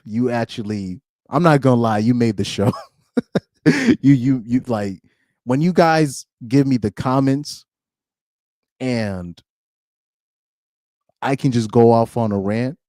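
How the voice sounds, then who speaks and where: A man's voice: mid-range voice, darkish tone, dry recording, studio quality. A young man hosting a live-streamed podcast in casual chat, rambling and laughing often between loose, filler-heavy sentences. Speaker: podcast host.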